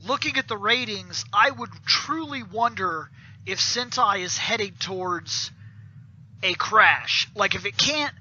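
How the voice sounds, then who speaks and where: A man co-hosting a casual podcast on a video call, telling a story in an animated way with casual swearing. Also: sits high, a little slow, husky, muffled recording. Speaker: podcast co-host. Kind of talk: casual chat.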